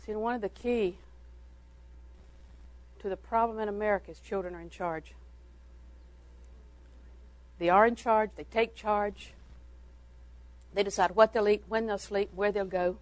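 A woman's voice: medium pitch, steady tone, measured pace, long pauses, no room sound, low-quality recording. An older woman giving a homespun talk on parenting to a church audience, telling anecdotes and chuckling between them. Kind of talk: folksy storytelling talk to an audience.

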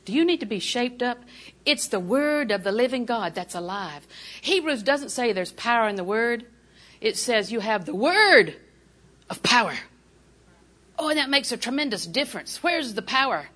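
A woman's voice: on the high side, lively intonation, normal speed, a bit bright. An older woman preaching a sermon, telling folksy, humorous stories and laughing often.

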